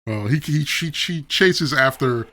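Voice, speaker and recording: A man's voice: a little high, animated, measured pace, pushed and bright. A man co-hosting a podcast in casual chat, talking emphatically, giving an earnest sign-off.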